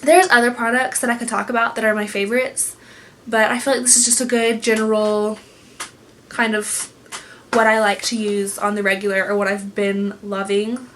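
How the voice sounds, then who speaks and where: A woman's voice: medium pitch, level tone, normal speed, a bit bright, a little hiss or hum. A young woman chatting casually at home as a beauty vlogger, gushing and rambling with lots of fillers. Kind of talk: casual chatty product review. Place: home room.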